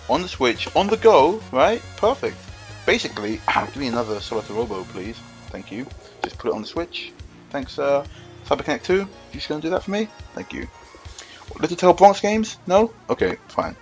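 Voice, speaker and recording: A man co-hosting a gaming podcast, rambling and joking in casual chat with lots of fillers. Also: a little high. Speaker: podcast co-host.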